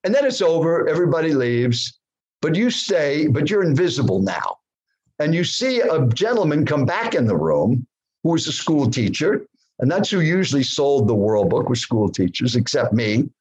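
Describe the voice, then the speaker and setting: Animated, husky older man telling a story. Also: a little high, normal speed, low-quality recording. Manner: animated, addresses the host directly, poses questions to the listener. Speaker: guest speaker. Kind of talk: dramatic storytelling in a podcast interview.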